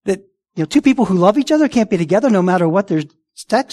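A man with a fairly high voice preaches a sermon in a conversational way. He keeps asking his listeners rhetorical questions and briefly acts out the voices of other people. His words often restart and repeat. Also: animated, normal speed, a little mellow. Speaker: pastor.

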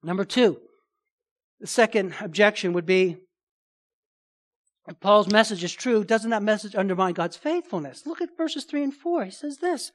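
A man's voice: high voice, expressive, normal speed, long pauses. A man preaching a sermon as pastor, emphatic, with rhetorical questions and casual asides.

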